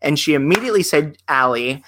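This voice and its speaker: A man's voice: a little high, lively intonation, brisk, background noise. A man co-hosting a show, chatting casually and gushing over his guests. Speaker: co-host. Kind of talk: casual chat.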